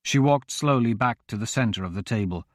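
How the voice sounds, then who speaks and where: A man narrating a fantasy audiobook in a steady, even storytelling voice. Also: mid-range voice, a little fast, no echo, studio quality. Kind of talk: scripted narration.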